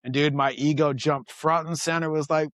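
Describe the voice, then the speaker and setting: Animated, swearing man telling a story. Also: a little high, normal speed, no room sound, clean studio sound. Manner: animated, profane, loose storyteller. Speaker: podcast guest. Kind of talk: casual storytelling chat.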